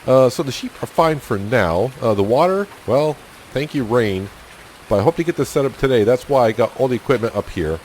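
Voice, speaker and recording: A man hosting a casual let's-play, talking through his farm chores in an easygoing, self-deprecating way and thinking out loud. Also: mid-range voice, expressive, brisk, a little hiss or hum. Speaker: gaming channel host.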